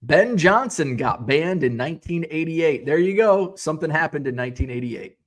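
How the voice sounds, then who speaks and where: A man's voice: a little high, expressive, moderate pace. A middle-aged man from the United States hosting a casual live-stream show, reading viewer comments and rambling through tangents with frequent self-corrections.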